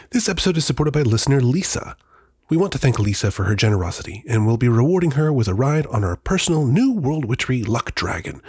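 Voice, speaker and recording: A man's voice: mid-range voice, a little mellow, breathy edge, dry recording. A man hosting a podcast, reading a scripted introduction and a folktale with a dry, playful delivery. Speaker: podcast host. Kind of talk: scripted narration.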